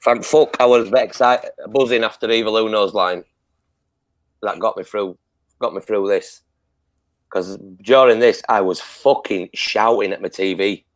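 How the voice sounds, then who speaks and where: A man's voice: lowish voice, measured pace, dry recording. A man co-hosting a casual review chat. He rants heatedly and swears heavily. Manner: heated ranting, heavy swearing. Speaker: podcast co-host.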